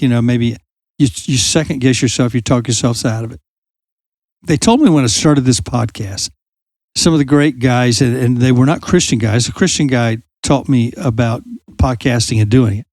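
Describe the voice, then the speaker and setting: A man hosting a youth ministry podcast, telling a Bible story with lively energy and acting out quoted lines in a raised voice while putting questions straight to his listeners. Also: mid-range voice, normal speed, no echo. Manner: animated storyteller who acts out quoted lines loudly; asks listeners direct questions. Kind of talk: conversational faith talk.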